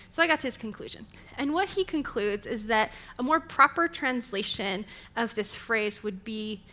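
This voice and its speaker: A woman's voice: on the high side, pushed and bright. A young adult woman giving a sermon in a conversational, storytelling way. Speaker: preacher.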